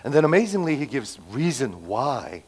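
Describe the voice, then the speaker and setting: A male preacher delivering a sermon with lively, dramatic delivery. He jumps from loud emphatic phrases to quiet, low asides. He keeps checking in with rhetorical questions. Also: normal speed, slightly rough, rough recording. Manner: animated, sudden swings between loud and soft, rhetorical questions. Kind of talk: expository sermon.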